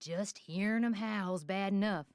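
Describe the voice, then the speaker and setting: A woman's voice: medium pitch, unhurried, darkish tone, no room sound, studio quality, lightly acted. An actress voicing a folksy, gossipy small-town woman with a Southern US twang in a mystery game. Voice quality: smooth, twangy drawl. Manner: folksy, warning storyteller.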